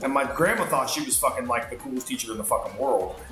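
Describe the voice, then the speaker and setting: A man's voice: mid-range voice, fast, sharp tone, echoey room. A man telling a rambling, profane story while playing a game, full of fillers. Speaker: streamer. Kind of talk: casual storytelling while gaming.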